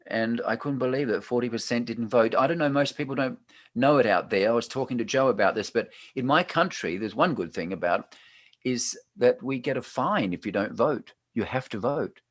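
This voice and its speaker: A man's voice: mid-range voice, normal speed, no room sound. A man from Australia with an Australian accent, hosting a chatty, joking live talk show after a panel. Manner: chatty, jokey, laughs often. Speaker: host. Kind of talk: casual livestream chat.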